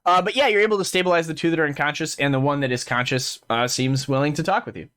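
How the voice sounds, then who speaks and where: A man's voice: fairly high pitch, fast, fairly bright tone, smooth. A man narrating as game master of a tabletop game, casual and full of fillers.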